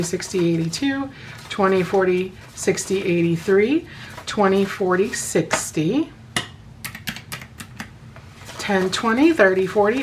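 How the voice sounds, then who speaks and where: Hoarse woman chatting about savings. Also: mid-range voice, a little hiss or hum, poor audio. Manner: counting cash aloud in quick runs. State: hoarse, sounds sick. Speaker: budgeting vlogger. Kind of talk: casual friendly chat to camera.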